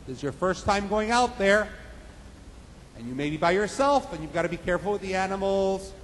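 A man voicing an anxious, caring mother who warns her young son in a story told in a sermon, with hurried, fussing warnings. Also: high-pitched, lively intonation, big-room sound, slight background noise, pitched above the performer's own voice, low-quality recording. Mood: worried.

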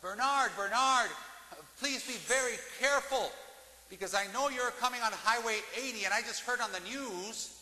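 A man's voice: very high-pitched, normal speed, sharp tone, pitched above the performer's own voice, full character voice. A man voicing an anxious wife pleading urgently over the phone in a sermon joke. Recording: echoey church, long reverb.

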